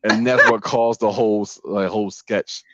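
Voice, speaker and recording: Low-voiced, crude, joking male podcast host. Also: normal speed, dull audio, noisy background. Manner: animated storyteller, crude and joking, acts out quoted voices. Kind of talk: casual podcast chat.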